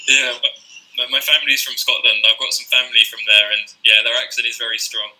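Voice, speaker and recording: A man with a southern English accent talks in a very bright, sharp voice. He chats casually as a teacher, in a relaxed way, often restarting his sentences. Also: medium pitch, quick pace, rough recording. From south of England. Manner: relaxed, repeats words when starting sentences. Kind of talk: casual conversation.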